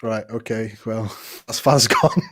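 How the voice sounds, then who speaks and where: A man co-hosting a podcast in casual chat, jokey and quick to laugh as he teases a guest. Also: fairly low pitch, fairly bright tone. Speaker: podcast co-host.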